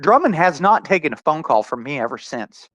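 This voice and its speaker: Angry, profane man with a fairly high voice. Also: sing-song, a bit bright, no echo. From Oklahoma. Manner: angry, profane, rapid storytelling with quoted retorts. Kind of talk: heated podcast conversation.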